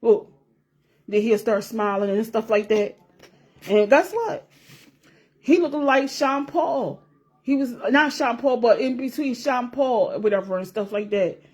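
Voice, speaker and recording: A woman vlogger with a somewhat high voice talks straight to her viewers in a loose, casual chat. She rambles, circles back to repeat herself, swears freely and laughs as she talks. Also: measured pace, a little mellow.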